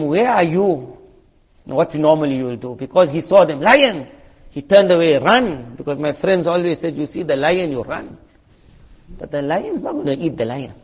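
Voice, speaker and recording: A man from South Africa preaches in a high, bright voice. He tells stories with acted voices and sound effects. The recording is dull and lo-fi. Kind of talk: sermon.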